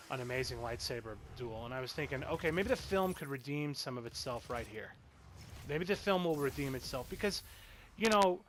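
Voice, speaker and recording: A man's voice: mid-range voice, fairly bright tone, slight background noise. Man, 30s, mid-range voice, frustrated rambling reviewer who swears freely. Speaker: film reviewer. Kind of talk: casual spoken movie review.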